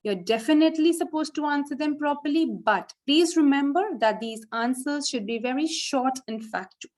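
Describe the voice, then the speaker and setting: A woman's voice: sits high, normal speed, darkish tone. A woman explains IELTS speaking skills to students. She is patient and thorough, and she keeps checking in with "right?" as she teaches. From India. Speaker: English teacher.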